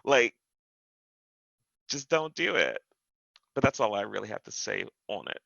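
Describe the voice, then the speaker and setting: A man's voice: on the low side, sing-song, measured pace, creaky, fairly bright tone, no room sound, lo-fi sound. A man co-hosting a casual podcast chat, giving blunt, direct advice. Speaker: podcast co-host.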